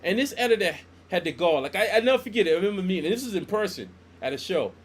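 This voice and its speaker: Racing along in a husky voice that sits high, a middle-aged comic book artist tells stories in an easygoing podcast chat. He's an animated storyteller who acts out the dialogue he quotes.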